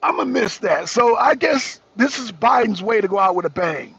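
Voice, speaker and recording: A man's voice: high-pitched, lively intonation, normal speed, vocal fry, a bit bright, breathy edge, no echo. A man hosting a talk show, riffing casually to his viewers, rambling and repeating himself, laughing often and using slang. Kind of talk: casual political commentary to viewers. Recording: dull lo-fi recording.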